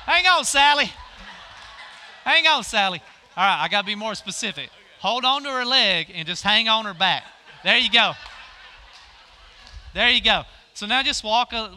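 A man's voice: sits high, bright, forceful tone, smooth. A middle-aged male pastor preaching a folksy sermon, directing volunteers through a live demonstration on stage.

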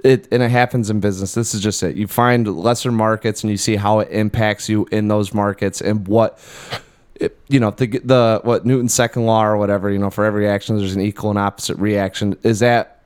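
A man's voice: on the low side, fairly even intonation, a little fast, darkish tone, clear, resonant tone. A man co-hosting a podcast, chatting casually and thinking aloud with lots of fillers and restarts. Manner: laughs often. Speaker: podcast co-host. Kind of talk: casual chat.

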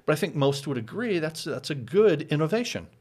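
A man's voice: fairly high pitch, big pitch swings, a little fast, darkish tone, breathy edge. A man who is a pastor, explaining church practice in a casual teaching chat, patient, with frequent chuckles.

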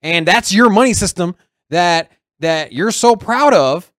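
A man co-hosting a podcast in casual chat, animated and acting out other people's lines as he tells a story. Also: sits high, a little slow, no echo, clean studio sound. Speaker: podcast co-host.

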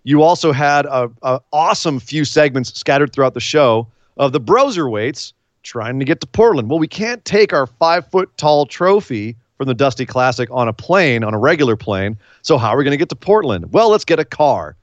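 A man's voice: medium pitch, expressive, moderate pace, few pauses, no room sound. Casual male podcast co-host, chatty recapper, dry muffled lo-fi sound. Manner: chatty, laughs while recapping.

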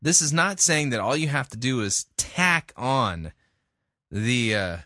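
A man's voice: medium pitch, animated, measured pace, pushed and bright, dry recording, clean studio sound. Blunt-talking man critiquing a sermon. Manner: conversational and blunt, with fillers. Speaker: host. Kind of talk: commentary.

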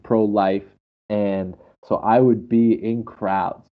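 A man chatting casually and telling animated, laughing stories. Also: lowish voice, slow pace. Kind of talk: casual chat. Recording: dull lo-fi audio.

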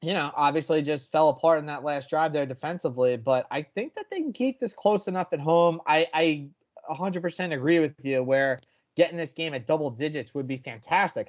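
A man's voice: fairly high pitch, a little mellow, lo-fi sound. A man hosting a sports betting podcast in casual, brash chat, swearing freely as he talks picks.

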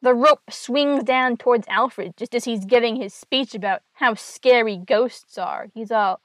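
A woman's voice: fairly high pitch, a little slow, no echo. A woman hosting a podcast, casually recapping a comic story with wry, dry asides.

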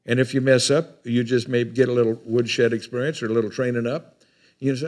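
A man's voice: medium pitch, brisk, gravelly, a little mellow. An older man preaching a sermon in a folksy, rambling way, often repeating his words.

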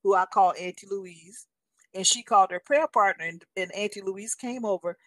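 With a medium-pitched, fairly bright voice at a moderate pace, a woman in her sixties shares her faith testimony as a guest. She tells it earnestly in story form, regularly relaying others' words, and there's no echo.

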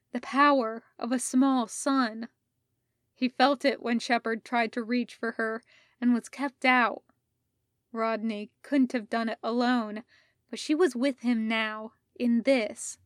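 A woman reading fan fiction aloud as an audiobook, in a measured, soft-spoken storytelling voice. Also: a little high, no room sound, clean studio sound. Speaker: audiobook reader.

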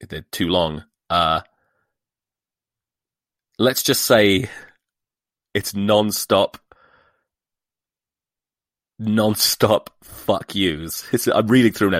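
A man's voice: deep voice, a bit bright, dry recording, studio quality. A man hosting a solo podcast, sweary and exasperated, mocking what he reads aloud. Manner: profane, sarcastic, exasperated. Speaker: podcast host.

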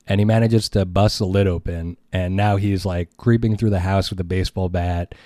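A man with a deep, low-pitched voice talks through a movie's plot in a loose, conversational way, leaning on fillers as he goes. The sound is dry, with no room echo around it. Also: fairly even intonation, normal speed, warm tone. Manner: rambling, filler-heavy storytelling. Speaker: podcast host. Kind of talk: casual film recap.

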